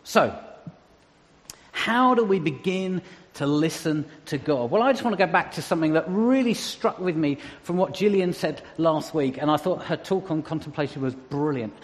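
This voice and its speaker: Middle-aged male preacher, high voice, chatty with light jokes, long hall reverb. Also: lively intonation, normal speed. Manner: conversational with humorous asides. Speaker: church speaker. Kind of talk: sermon.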